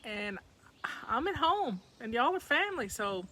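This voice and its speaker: A woman's voice: a little high, sing-song, unhurried, sharp tone. A woman with a Southern accent hosting a casual chat from home, folksy and chatty, talking to her viewers as y'all. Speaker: livestream host.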